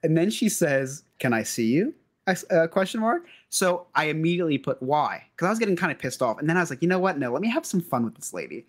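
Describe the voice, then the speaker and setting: A man's voice: fairly high pitch, quick pace, few pauses. A man co-hosting a comedy podcast, telling a story and reading out messages with frequent laughter. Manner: animated, laughing often. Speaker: podcast co-host.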